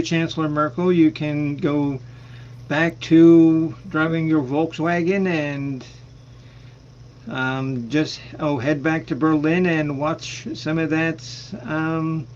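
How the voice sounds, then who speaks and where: A man's voice: on the high side, a little mellow. A man hosting a casual music chat over a video call, talking in a playful, joking way. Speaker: host. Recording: dull sound with faint noise.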